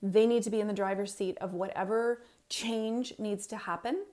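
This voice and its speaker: A woman's voice: medium pitch, fairly even intonation, normal speed, darkish tone. A middle-aged woman, a parenting coach, giving a motivational stage talk, speaking emphatically to the audience and repeating her key points.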